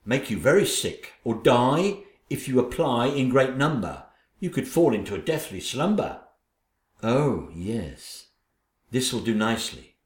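A man's voice: medium pitch, very animated, reverberant. A man voicing a vain, scheming wicked stepmother queen in a theatrical audio play. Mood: sly. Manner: theatrical, gloating, drawn-out delivery.

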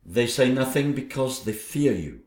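A man voicing a stern woman visitor who speaks in a grave, measured way. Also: mid-range voice, animated, a little mellow, roomy sound, natural voice.

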